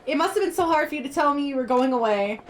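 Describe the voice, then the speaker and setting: A woman's voice: sits high, lively intonation, quick pace, soft background music. A woman reading as an earnest tearful young boy.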